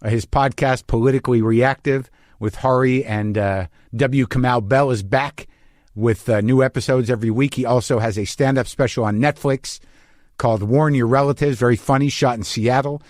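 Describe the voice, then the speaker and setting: A man's voice: mid-range voice, steady tone, normal speed, a little mellow, no echo, clean studio sound. A man hosting a podcast, telling a story in a casual monologue, swearing often and mocking himself. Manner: profane, self-deprecating storytelling. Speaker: podcast host.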